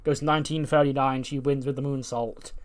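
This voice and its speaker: A man casually recapping storylines from a wrestling management game. He tells it chattily with frequent fillers and gives animated play-by-play of the matches. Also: mid-range voice, fairly quick.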